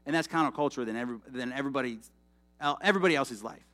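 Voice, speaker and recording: A young man preaching a sermon in a casual, animated, conversational way, with frequent asides to the congregation. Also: medium pitch, rapid-fire, faint music behind.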